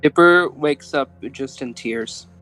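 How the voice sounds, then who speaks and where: A man's voice: fairly high pitch, slow pace, sharp tone, faint music behind, rough recording. A man describing his character as a player in a tabletop game, hesitant with many fillers.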